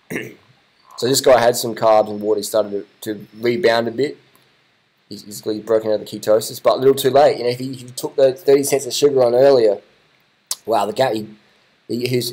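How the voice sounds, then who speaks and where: A man giving casual live reaction commentary, excitable and repetitive, swearing now and then. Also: lowish voice, low-quality recording. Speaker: video commentator.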